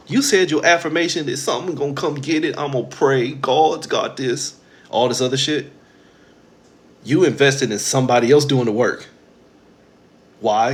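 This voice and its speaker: A man's voice: medium pitch, a bit bright. A man, giving a blunt, profane spiritual monologue to his audience as host. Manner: blunt, profane and preachy, mimicking others in quoted asides.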